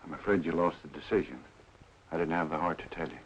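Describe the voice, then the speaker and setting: An actor playing a blunt, worried boxing manager in a 1940s film. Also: male voice, rumbling low, quick pace, muffled recording, a little hiss or hum. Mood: sober. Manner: blunt, sober.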